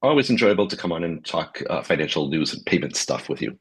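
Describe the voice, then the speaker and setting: A man as a guest on a fintech podcast, explaining in a measured way, with many ums and uhs. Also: low-pitched, very animated, a bit bright, slightly rough. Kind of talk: casual podcast conversation.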